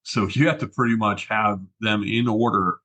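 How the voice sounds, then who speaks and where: A man's voice: lowish voice, fairly even intonation, moderate pace, sharp tone. A man, a regular guest on a tech podcast, chatting and reminiscing with many fillers. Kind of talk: casual podcast chat.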